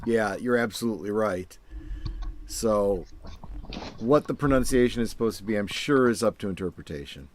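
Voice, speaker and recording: A man's voice: lowish voice, moderate pace, a little hiss or hum. A man co-hosting a casual podcast chat, explaining his points in long, loose sentences. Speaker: podcast co-host. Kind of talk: casual chat reviewing a cartoon episode.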